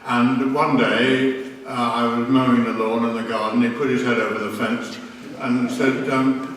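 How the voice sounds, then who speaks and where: A man's voice: mid-range voice, little pitch movement, measured pace, fairly bright tone, slight background noise. An older man telling anecdotes on a convention panel, hesitant with many ums and self-deprecating humor. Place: large convention hall. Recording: echoey hall from far off.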